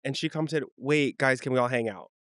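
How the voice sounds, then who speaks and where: A man's voice: mid-range voice, brisk, fairly bright tone, dry recording, clean studio sound. An American man hosting a podcast in a playful, giggly, upbeat way. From United States. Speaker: podcast host. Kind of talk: casual chat.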